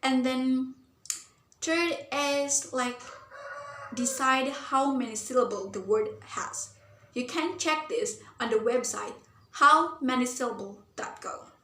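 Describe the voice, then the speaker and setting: A woman's voice: sits high, slow pace, fairly bright tone, a little hiss or hum. A young woman, a university student, gives an explanatory class presentation, earnest and thinking aloud with frequent fillers like "like" and "um". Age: young adult. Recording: roomy echo.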